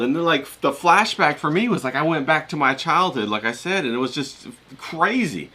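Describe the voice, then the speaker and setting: A man's voice: a little high, expressive, moderate pace, few pauses, sharp tone. A man talking casually in a vlog, rambling with lots of fillers and folksy turns of phrase. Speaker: vlogger.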